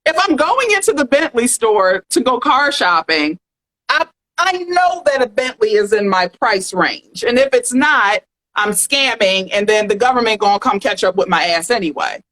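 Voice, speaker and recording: Sassy lady podcaster, talks fast and animated about gossip. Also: on the high side, poor audio. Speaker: podcast host. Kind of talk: casual pop culture chat.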